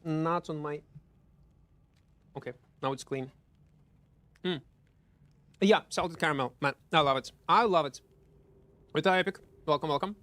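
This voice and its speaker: High-voiced streamer. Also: male voice, unhurried, long pauses, dry recording. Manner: chatty, excitable, stumbles and repeats words. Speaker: game streamer. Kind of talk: live gameplay commentary chatting with viewers.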